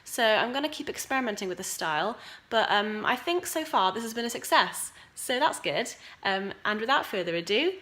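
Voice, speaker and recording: A woman in her twenties chatting casually in a vlog about her week as a student, bubbly and quick to laugh. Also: on the high side, expressive, fairly bright tone. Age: 20s. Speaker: student vlogger.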